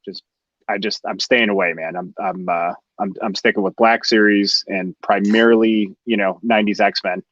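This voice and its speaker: A man's voice: lowish voice, steady tone, normal speed, fairly bright tone, no echo, lo-fi sound. Chatty man hosting a live collectors' show. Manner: chatty, enthusiastic, reads out viewer comments. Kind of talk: casual chat.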